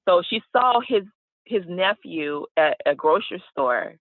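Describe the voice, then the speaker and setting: A woman guest telling an emotional personal story in an animated way, full of fillers and acted-out quotes, over a video call. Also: lowish voice, unhurried, no echo. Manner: animated, acts out quoted voices, many fillers. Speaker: interview guest. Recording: tinny phone-like line, dry.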